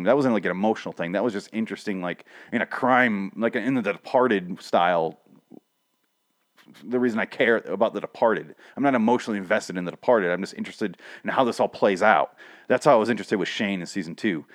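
A man hosting a casual recap who rants, swears constantly and talks in an animated way. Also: fairly low pitch. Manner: profane, ranting, animated.

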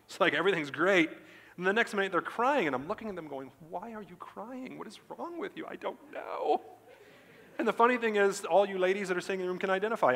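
A male pastor giving a Sunday sermon, preaching emphatically and breaking into animated, excited stretches. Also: mid-range voice. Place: church sanctuary. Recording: church hall reverb.

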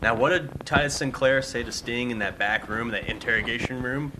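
A man's voice: mid-range voice, fairly even intonation, a little fast, noisy background. A man co-hosting a casual podcast who mostly chimes in with short agreements and jokes. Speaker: podcast co-host. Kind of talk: casual chat.

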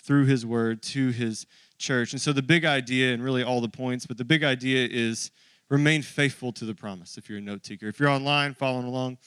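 A man's voice: medium pitch, steady tone, fairly quick, a bit bright, clean tone, no room sound. A man in his thirties preaching a sermon to his church, conversational and joking with the congregation. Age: 30s. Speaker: pastor.

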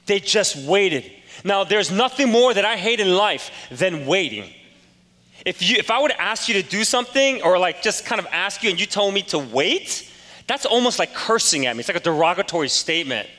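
A man's voice: high voice, big pitch swings, moderate pace, sharp tone, big-room sound. A man in his forties preaching a sermon in a casual, storytelling way with self-deprecating humor. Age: 40s. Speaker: pastor.

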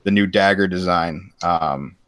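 A man's voice: sits low, unhurried, fairly bright tone, clean tone. A man hosting a podcast in a casual chat, joking with his guests and laughing often. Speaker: podcast host.

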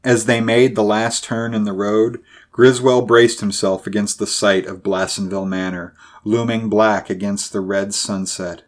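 A male narrator reading a horror story aloud. His delivery is measured and dramatic, and his voice sits fairly low. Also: fairly even intonation. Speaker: audiobook narrator. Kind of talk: scripted narration.

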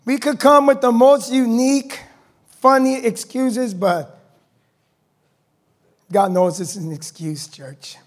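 A man delivers a sermon to his congregation. He swings between quiet, quick storytelling and loud, stretched-out shouting that draws answers from the pews. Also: very high voice. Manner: rising to shouted preaching, call-and-response with congregation. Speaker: pastor.

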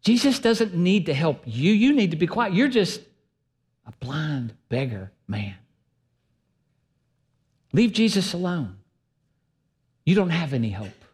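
A man's voice: on the high side, big pitch swings, takes it slowly, pauses often, darkish tone, slightly rough, full character voice. A man playing a dismissive scolding bystander. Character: dismissive crowd man hushing a beggar.

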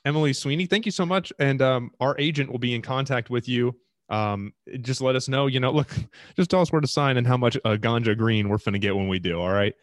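A man co-hosting a podcast in deadpan comedic chat, reading scam emails aloud with mock-earnest grandeur. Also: medium pitch, brisk, no room sound, clean studio sound. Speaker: podcast co-host.

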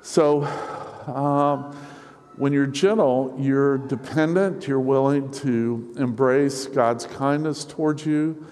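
A middle-aged male pastor preaching a sermon to his congregation, earnest and personal, with soft storytelling asides. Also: medium pitch, takes it slowly. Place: church sanctuary. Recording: reverberant hall.

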